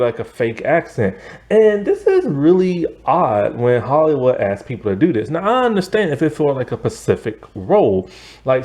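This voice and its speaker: A man giving a casual spoken movie review, rambling and animated, filling his talk with "like" and "you know". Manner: animated, pitch jumps up often.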